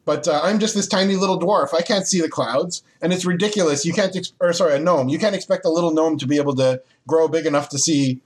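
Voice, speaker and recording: A man's voice: on the high side, fast, hardly any pauses, lightly acted. A man voicing a boastful tiny male gnome as he retells a game story on a podcast. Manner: retelling a game character's lines, slightly raised voice.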